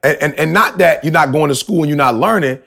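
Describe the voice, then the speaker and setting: Gravelly, laid-back man co-hosting a podcast. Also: fairly high pitch, quick pace, a bit bright. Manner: laid-back, preachy, laughs often. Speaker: podcast co-host. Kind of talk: casual chat.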